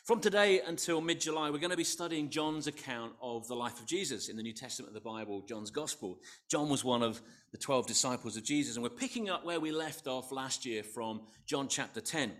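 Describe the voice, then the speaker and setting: A man's voice: medium pitch, brisk, a bit bright. A middle-aged man, a preacher, opening his sermon with a self-deprecating personal story in a conversational storytelling manner.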